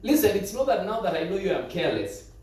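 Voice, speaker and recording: A man preaches a sermon with a high-pitched, dramatic storytelling manner, often repeating words for emphasis. His voice rings through a very echoey church, heard from far off the mic. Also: very animated, fast, darkish tone.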